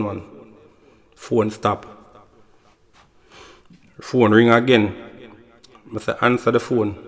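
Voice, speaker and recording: A man's voice: mid-range voice, in a large hall. A man with a Jamaican accent telling a casual, rambling anecdote, repeating "you know" and "you see me" as he goes. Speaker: storyteller. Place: recording studio.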